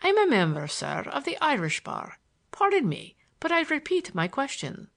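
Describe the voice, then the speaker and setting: A woman reading an audiobook, voicing a calm, grave male Irish barrister who speaks slowly and politely. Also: high voice, voice pushed up, heavily acted. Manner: slow, polite, deliberate.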